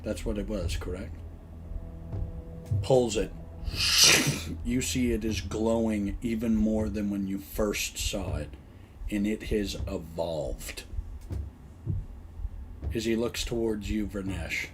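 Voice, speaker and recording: A man's voice: fairly low pitch, fairly even intonation, takes it slowly, long pauses, a little mellow, a little hiss or hum. A man narrating a tabletop game as dungeon master, describing scenes and asking players what they do.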